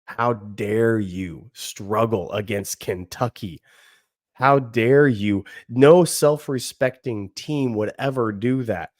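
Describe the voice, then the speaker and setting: A man's voice: lowish voice, takes it slowly, darkish tone, no room sound. A man putting on the voice of a boastful, chest-puffing football fan, drawn out and mocking, on a dry close podcast mic.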